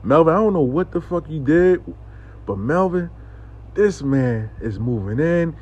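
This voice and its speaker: A man voicing an excited adult woman client who swears bluntly as she shares big news, in a lo-fi recording. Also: fairly high pitch, unhurried.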